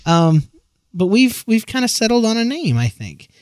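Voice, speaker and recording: A man's voice: high-pitched, sing-song, moderate pace, dry recording. A man from Georgia co-hosting a podcast, chatting casually with a joking, playful manner and the odd silly voice. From Georgia, USA. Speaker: podcast co-host. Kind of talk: casual chat.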